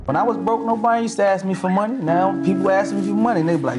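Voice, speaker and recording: A man with a high voice delivers a wry, laid-back comedic monologue. Plucked guitar music plays clearly behind him. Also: rapid-fire, hardly any pauses.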